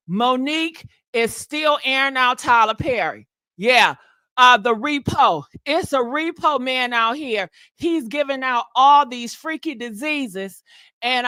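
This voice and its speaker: A woman hosting a casual gossip livestream, sassy and animated, chatting to viewers and laughing often. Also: on the high side, no room sound, studio quality. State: short of breath.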